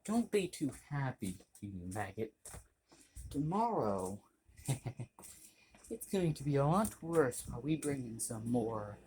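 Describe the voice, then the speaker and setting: A man voicing a cruel young woman who mocks her prisoner, in a flat, taunting way. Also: medium pitch, slow pace, pauses often, slight background noise.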